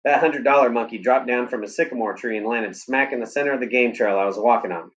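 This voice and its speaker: Man reading a novel aloud, steady. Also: medium pitch, quick pace, muffled recording. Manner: steady, plain storytelling delivery.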